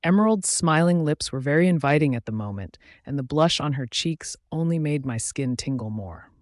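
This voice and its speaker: A man narrating a first-person audiobook in a steady, even reading voice. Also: on the high side, normal speed, dry recording, clean studio sound.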